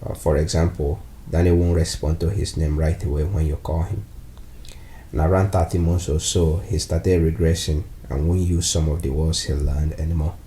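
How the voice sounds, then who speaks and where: Man, podcast guest, calm and measured, very low mellow voice, faint noise behind. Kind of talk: interview answers.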